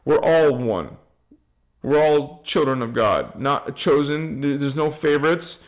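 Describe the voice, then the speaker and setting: A man's voice: on the high side, unhurried. A man giving an informal spiritual talk to viewers, emphatic and repetitive, chanting affirmations and lists of names. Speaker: spiritual channel host.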